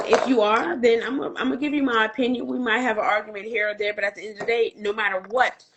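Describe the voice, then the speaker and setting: A woman's voice: fairly high pitch, steady tone, fast, a bit bright, husky. A woman on a casual podcast panel, stating her views firmly and bluntly, repeating her points. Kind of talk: casual debate chat.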